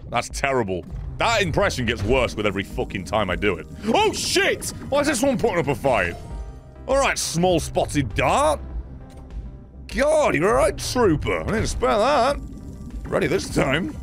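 A man giving profane, excitable let's play commentary, often yelling at the game. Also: mid-range voice. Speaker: gaming channel host.

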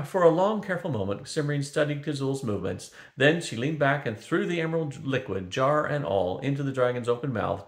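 An older man reading a fantasy novel aloud, steady and unhurried. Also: mid-range voice. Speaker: storyteller. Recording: roomy echo.

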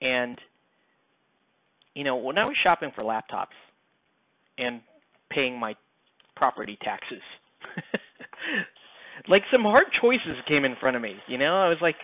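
A man's voice: mid-range voice, sing-song, takes it slowly, pauses often. Rambling man on a tinny headset. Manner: rambling, self-deprecating, lots of fillers. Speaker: miniature painting live streamer. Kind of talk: casual live-stream chat while painting. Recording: tinny phone-like sound.

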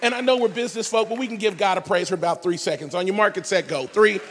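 A man's voice: sits high, fast talker, long reverb tail, slight background noise. A man preaching at a conference with comedic energy, acting out the people in his stories in a street-slang voice. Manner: animated storytelling, acting out characters in a street-slang voice. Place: large conference hall.

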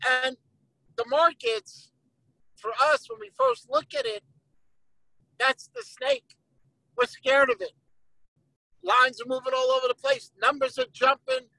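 A high, bright voice swings widely in pitch with a gravelly edge. The speaker tells a story animatedly on a video call, slipping into the voices of the people being quoted. The sound is close and dry, with no room echo. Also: unhurried, pauses often. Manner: animated storyteller who acts out quoted lines. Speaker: guest speaker on a group call. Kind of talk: motivational talk with a retold story.

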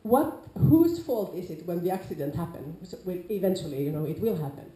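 A woman with a Nordic accent giving an informal lecture to a class, lively, acting out quoted players with sudden loud calls. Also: fairly low pitch, brisk. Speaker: lecturer on larp safety. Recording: echoey lecture room.

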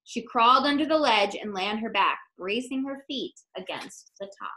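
A woman teacher reading a picture book aloud to children, expressive and explaining words as she goes. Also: on the high side, moderate pace, rough recording.

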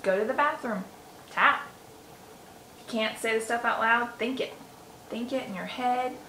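A woman's voice: fairly high pitch, normal speed, pushed and bright. A woman talking casually to camera as a self-help vlogger, telling a story in a chatty, rambling way with lots of fillers. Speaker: self-help vlogger teaching EFT tapping. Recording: roomy echo with faint noise.

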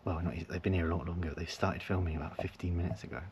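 A man casually vlogging from his van at a forest campsite, rambling and chuckling, sometimes dropping to a hush so he isn't overheard, with a handheld camera picking up his voice. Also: deep voice, fairly even intonation, fast. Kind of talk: casual camping vlog chat. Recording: noisy outdoor ambience.

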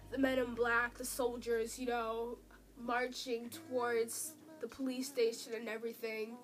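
Nasal-voiced woman rambling about a drama. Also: high voice. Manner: emotional, rambling, many fillers. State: congested, nasal from a cold. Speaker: drama reviewer. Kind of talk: casual spoken review. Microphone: tablet built-in mic.

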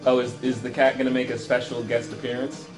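A man's voice: mid-range voice, little pitch movement, a little fast, roomy sound, music in the background. A man playing a video game with his son, chatting and teasing him with dry humor. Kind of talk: casual gameplay chat.

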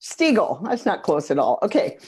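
A woman's voice: lowish voice, expressive, normal speed, a little mellow. A woman hosting a casual talk show over a video call, chatty and self-deprecating. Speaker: host.

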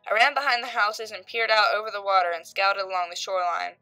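A woman narrating a creepypasta horror story, voicing its characters with shifts in pitch and loudness. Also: steady tone, fast talker, low-quality recording. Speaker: creepypasta reader. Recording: faint background music.

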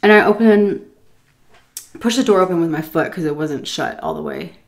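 A woman casually telling a story while eating, animated and swearing freely. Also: on the low side, normal speed, gravelly. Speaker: vlogger.

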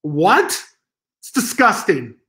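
A man from Southern California, hosting a home live stream as a stand-in, has a high-pitched, sharp voice with big pitch swings, and he takes it slowly. He rambles, mocks himself, and reads the chat aloud.

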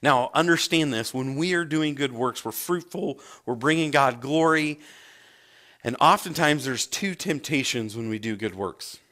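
A male pastor preaches a sermon built on storytelling, his mid-range voice keeping a measured pace. He's an animated storyteller who acts out the voices of the people in his stories.

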